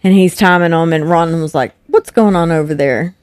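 A woman's voice: on the low side, normal speed, no echo, clean studio sound. Chatty young woman. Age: young adult. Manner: animated, acts out quoted voices. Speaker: podcast guest, host's wife. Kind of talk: casual storytelling chat.

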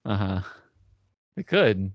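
A man's voice: on the low side, sing-song, slow pace, dry recording, highs cut off. A man co-hosting a casual podcast chat, dry, skeptical and stubborn. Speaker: podcast co-host.

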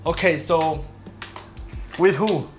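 A man's voice: on the high side, slow pace, soft background music. A young man hosting crude casual chat, laughing often and rambling, losing his train of thought. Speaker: host. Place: home room.

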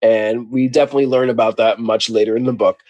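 Man, podcast co-host, lively storyteller; mid-pitched, close and dry-sounding. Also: quick pace, dry recording, dull audio. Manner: animated storyteller, laughs often. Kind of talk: casual book recap chat.

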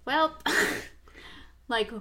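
A woman's voice: very slow, fairly bright tone. A woman in casual conversation, chatty and rambling, often laughing. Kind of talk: casual chat.

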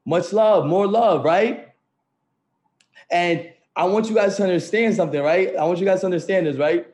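A man's voice: high voice, normal speed, darkish tone. A man hosting a morning group call, giving an upbeat motivational talk over a video call, repeating phrases and checking in with the audience. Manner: upbeat, repetitive, keeps saying "right?" and "family".

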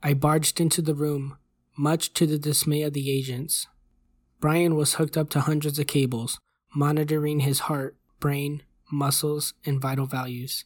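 A host reading a horror story aloud in a measured, even voice at a close mic. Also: medium pitch, no room sound. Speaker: host and narrator. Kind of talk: scripted horror story narration.

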